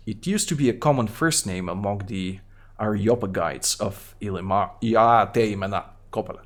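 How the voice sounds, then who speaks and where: A man with a Bulgarian accent streaming a game, reading its text aloud and adding quick, half-joking asides. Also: lowish voice, big pitch swings, fairly bright tone. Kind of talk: live gameplay commentary, reading game text.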